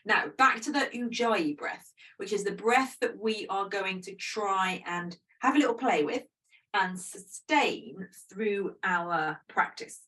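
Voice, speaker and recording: A woman talks a yoga class through breathing, gentle and chatty with a self-deprecating streak. Her voice sits at a middle pitch. She sounds set back a little from the microphone. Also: slow, far from the mic, poor audio. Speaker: yoga teacher. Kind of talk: guided breathing instruction.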